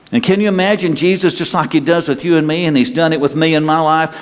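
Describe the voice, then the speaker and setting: A man preaching a sermon in a conversational way, asking his listeners questions and leaving pauses. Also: fairly high pitch. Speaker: pastor. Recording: long hall reverb.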